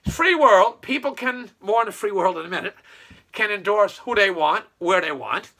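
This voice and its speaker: A man's voice: high-pitched, animated, normal speed, bright, forceful tone. A man giving a sarcastic, opinionated political commentary monologue. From Nova Scotia. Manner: sarcastic, mocking storytelling. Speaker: online commentator.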